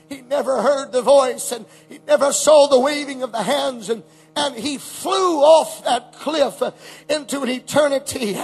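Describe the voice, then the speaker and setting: Impassioned high-voiced male preacher. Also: slightly rough, low-quality recording. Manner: shouting, impassioned preaching with repetitions. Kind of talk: sermon. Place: church camp meeting.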